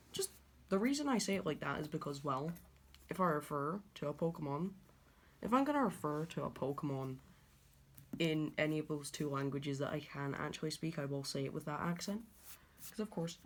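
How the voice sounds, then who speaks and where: A woman creator musing aloud as she draws, making clicking sounds with her voice while she thinks. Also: low voice. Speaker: video creator.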